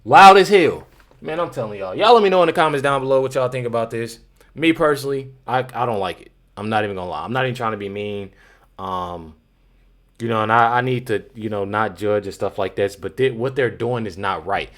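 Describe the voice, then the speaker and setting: A man's voice: on the low side, brisk, a bit bright. A man hosting a reaction commentary, rambling and repeating himself, talking to viewers as y'all and bro. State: has the hiccups. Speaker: commentary channel host.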